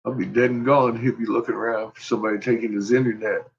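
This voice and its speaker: A man's voice: medium pitch, level tone, quick pace, gravelly, slightly rough. A middle-aged father telling stories about his son in casual chat, laughing often and swearing freely. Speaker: vlogger, father. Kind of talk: casual storytelling. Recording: dull lo-fi sound.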